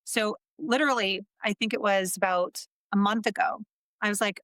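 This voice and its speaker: A woman's voice: medium pitch, steady tone, moderate pace, a bit bright, no room sound. Earnest woman telling heartfelt stories. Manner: earnest, heartfelt storytelling with repeated phrases. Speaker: podcast guest, entrepreneur and coach. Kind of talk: casual interview talk.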